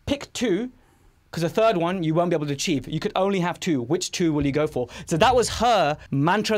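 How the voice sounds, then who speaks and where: A podcast host speaks quickly and eagerly, stumbling and restarting as his ideas tumble out. His voice sits a little higher than most men's. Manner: enthusiastic, rapid, with frequent restarts. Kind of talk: casual conversational interview.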